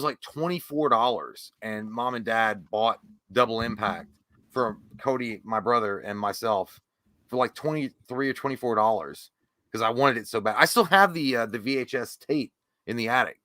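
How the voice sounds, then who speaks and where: A man in his thirties co-hosting a movie podcast, telling animated, profane stories in casual chat. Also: medium pitch, moderate pace, no room sound. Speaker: podcast co-host.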